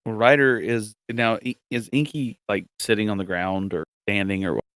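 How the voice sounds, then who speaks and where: A male tabletop player describing his moves haltingly, full of fillers. His voice is low and dry. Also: steady tone, fairly bright tone, dry recording. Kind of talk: tabletop role-play talk.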